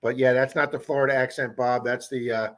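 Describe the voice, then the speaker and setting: A man with a Baltimore accent hosts a casual livestream. His voice sits at an ordinary middle pitch, and he chats easily, answering viewers one by one and calling each of them by name. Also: fairly even intonation, brisk, a bit bright. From Baltimore area, USA. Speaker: livestream host.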